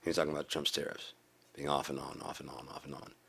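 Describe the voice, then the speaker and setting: A man giving a profane political rant in a video blog, repeating himself and rising into preachy shouting. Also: extremely low pitch, level tone, fast, gravelly, breathy edge. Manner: swearing, repetitive, builds to preachy shouting. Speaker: video blogger.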